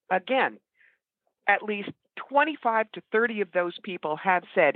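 Female interview guest, psychic medium, brisk and blunt, phone-quality line. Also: mid-range voice, expressive, no echo. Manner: blunt, opinionated, brisk storytelling. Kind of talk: casual interview conversation. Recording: tinny phone-like line, dry.

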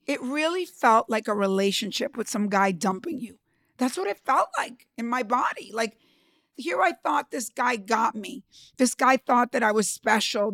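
A woman's voice: a little high, fairly bright tone, dry recording, studio quality. A woman entrepreneur telling her own story in an emphatic, emotional way, often speaking straight to the listener. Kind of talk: personal storytelling talk.

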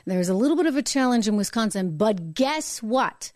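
A woman hosting a live-streamed political show, talking emphatically and indignantly, repeating her points and jumping higher in pitch when worked up. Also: expressive, normal speed, darkish tone, no echo, studio quality. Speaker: political talk show host.

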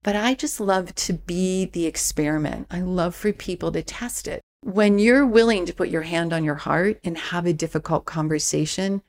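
A woman speaking as a spiritual mentor guest in a relaxed interview, calm and reflective with easy laughs. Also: on the low side, moderate pace, few pauses. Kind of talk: casual interview chat.

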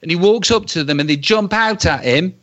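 A man with a fairly high voice spins a spooky tale for laughs, slowing down for suspense and bursting into shouted quotes. He talks like a practised storyteller. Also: expressive, muffled recording. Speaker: guest telling a story. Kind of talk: animated comic storytelling.

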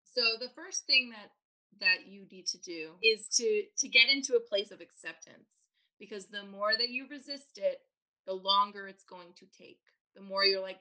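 Bright-voiced woman parenting coach. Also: medium pitch, moderate pace, low-quality recording. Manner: animated, acts out parents' inner voices. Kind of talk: podcast interview.

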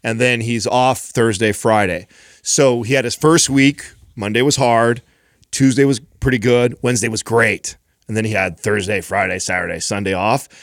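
A man in his thirties telling family stories in casual chat as a podcast co-host, animated, with quick bursts and frequent laughs. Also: lowish voice, vocal fry, dry recording, studio quality.

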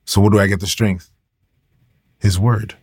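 Husky-voiced man preaching a casual sermon. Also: on the low side, steady tone, normal speed, a little mellow, no echo. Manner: casual, emphatic, repeats key phrases, addresses listeners as y'all. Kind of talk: livestreamed devotional sermon.

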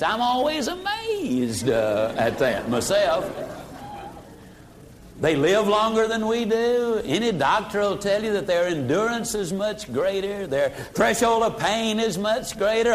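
High-voiced older sales trainer. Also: male voice, slight background noise. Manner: dramatic, acts out customer voices, drops voice low for effect. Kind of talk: motivational sales seminar talk.

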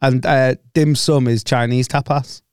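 A man's voice: mid-range voice, fairly even intonation, a little slow, smooth, dry recording, studio quality. A young man co-hosting a casual podcast, joking, swearing and laughing often. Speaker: podcast co-host. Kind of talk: casual banter.

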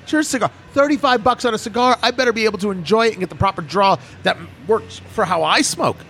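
A man's voice: high-pitched, fast talker, a little hiss or hum. A man hosting an opinionated political talk show, emphatic and mocking. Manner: animated, emphatic, mocking asides.

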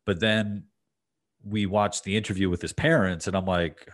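Male podcast host with a very low voice, loose conversational delivery. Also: steady tone, moderate pace. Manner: rambling, many fillers and restarts. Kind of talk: casual conversation.

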